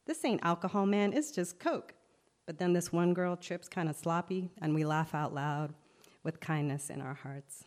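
Woman doing spoken word, low deep voice, rhythmic delivery that jumps into little voiced bits. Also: normal speed, darkish tone. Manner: rhythmic, shifting between narration and voiced crowd lines.

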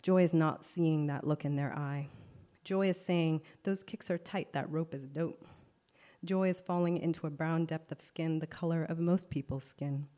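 Woman doing spoken word, low deep voice, rhythmic delivery that jumps into little voiced bits. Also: fairly even intonation, moderate pace, dark tone. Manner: rhythmic, shifting between narration and voiced crowd lines.

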